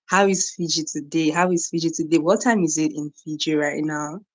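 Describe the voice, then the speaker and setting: A woman's voice: low voice, steady tone, brisk. A young woman from Nigeria hosting a casual morning livestream, greeting viewers by name and often repeating herself. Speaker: livestream host. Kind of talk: casual live-stream chat with viewers.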